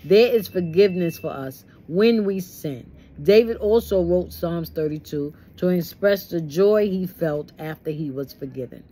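A woman's voice: lowish voice, a little slow, few pauses, mellow. A woman leading a Bible study, reading the text and breaking into folksy, preachy asides. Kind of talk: conversational Bible study teaching.

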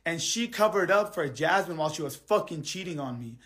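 A man venting on a live stream, his voice sitting a little high for a man. He swears constantly and circles back to the same complaints. His voice keeps sinking low and quiet, then flaring up again. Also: animated, a little fast. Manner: angry, heavily profane venting; repetitive, drops quiet then heats up. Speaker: livestreamer. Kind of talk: live stream rant to viewers.

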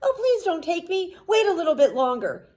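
A woman's voice: very high-pitched, big pitch swings, pitched above the performer's own voice. A woman voicing the second billy goat, a middle-sized male goat whose voice is not as small as his brother's. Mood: nervous. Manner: bright, fairly quick, not so small.

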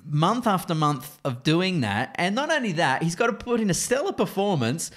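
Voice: mid-range voice, big pitch swings, moderate pace, a bit bright. An Australian podcast co-host chatting casually, rambling through a story with restarts. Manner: rambling, restarts mid-thought.

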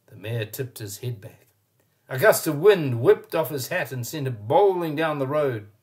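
Man reading a children's story aloud. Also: mid-range voice. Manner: expressive, pauses to point at pictures.

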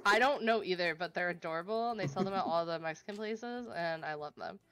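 A woman's voice: fairly low pitch, fast talker, a loud crowd. A woman joining a casual co-op gameplay chat as a guest, upbeat and chatty. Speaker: co-op guest player.

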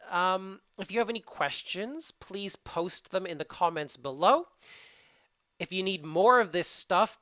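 Test-prep teacher, Canadian accent, brisk informal delivery, mid pitch, dry sound. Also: fairly bright tone, no echo. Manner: fast-talking, casual, informal asides. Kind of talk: video tutorial.

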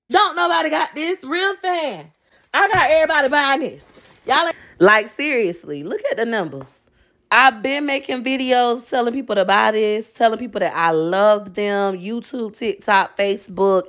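A woman's voice: fairly high pitch, a bit bright. A woman content creator ranting in a casual vlog, talking straight to her followers, profane and repeating herself when upset. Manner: addresses her followers directly.

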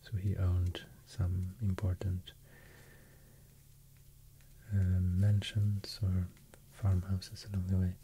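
Slow, low whispering Swedish-accented man. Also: completely flat delivery, a little hiss or hum. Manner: soft, mostly whispered, hesitant with many fillers. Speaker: ASMR host. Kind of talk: soft-spoken ASMR, rambling explanation.

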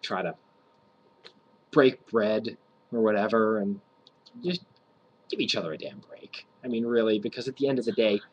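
Rambling, profane man, low voice. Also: a little hiss or hum, low-quality recording. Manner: profane, rambling, mock-offensive, laughs at own jokes. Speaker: vlogger. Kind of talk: rambling crude joke rant to camera.

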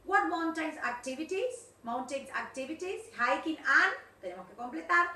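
Woman teacher, high lively voice, bright tone, echoey room, mic at a distance. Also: normal speed. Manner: animated, coaxing, repeats words. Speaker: English teacher. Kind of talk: online class, mixing English and Spanish.

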